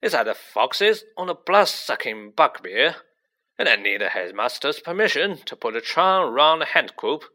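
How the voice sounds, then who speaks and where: Hagrid, a man voicing a booming giant. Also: very animated, moderate pace, pushed and bright. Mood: gruff, concerned. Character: huge gruff giant gamekeeper, kindly and blunt.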